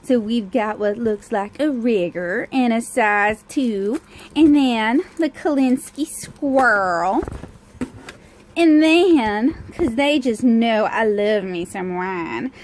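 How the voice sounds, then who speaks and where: A woman's voice: a little high, slow, a little hiss or hum, poor audio. A woman voicing a fancy, syrupy Southern lady with a Southern accent and a sweet, exaggerated drawl, recorded on a handheld phone. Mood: mock-gracious. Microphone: cell phone held in hand.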